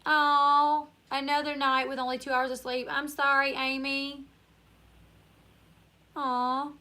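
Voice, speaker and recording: Bright high-voiced Louisiana woman chatting. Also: flat delivery, slow. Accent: Northern Louisiana country. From Northern Louisiana. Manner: chatty, reads viewer comments aloud, laughs often. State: tired. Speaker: YouTuber live-stream host. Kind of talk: casual live-stream Q&A chat.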